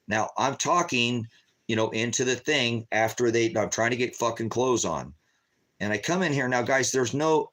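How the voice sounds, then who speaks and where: A man's voice: medium pitch, a bit bright. A man giving an agitated, heavily profane, rambling livestream monologue to his viewers, repeating himself often. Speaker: ministry livestreamer.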